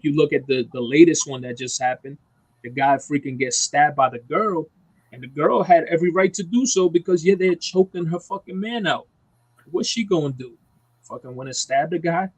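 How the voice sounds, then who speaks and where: A man ranting hard on a podcast. He swears constantly and hammers his points home. His voice sits a little high, and the sound is dry and close with no room echo. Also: breathy edge. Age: adult parent. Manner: profane, emphatic, ranting. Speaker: podcast co-host. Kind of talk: heated casual chat.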